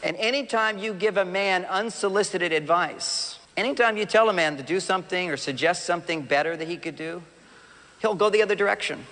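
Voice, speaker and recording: A man giving a lively live seminar talk, speaking straight to the audience and acting out what partners say. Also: high-pitched, a little fast, slight background noise. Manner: animated, acts out quoted partners and addresses the audience directly. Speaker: relationship speaker. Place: large hall with a live audience. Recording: long hall reverb.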